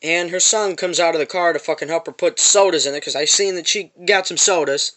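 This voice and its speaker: Angry storytime vlogger, man, high bright voice, swears constantly. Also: fairly quick. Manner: profane, repetitive storytelling. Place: parked van.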